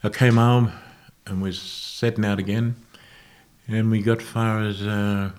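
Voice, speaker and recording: Low-voiced man telling stories. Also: level tone, darkish tone. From Australia. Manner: unhurried, halting recollection that corrects itself. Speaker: guest musician. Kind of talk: casual interview storytelling.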